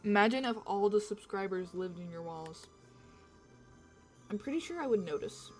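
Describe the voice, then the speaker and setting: Woman streamer, rambling and self-mocking, soft music underneath. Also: medium pitch, expressive, moderate pace. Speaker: livestreamer. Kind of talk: casual chat with stream viewers.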